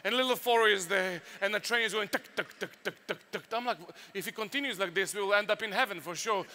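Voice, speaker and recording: A man with a Serbian accent telling stories and preaching at a youth workshop, animated and full of sound effects. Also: high voice, quick pace. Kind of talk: storytelling youth workshop talk.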